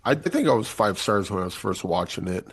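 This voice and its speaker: A man's voice: on the low side, quick pace, breathy edge. A man hosting a movie review podcast in casual chat, acting out quotes as he talks. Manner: animated, acts out quotes. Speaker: podcast host.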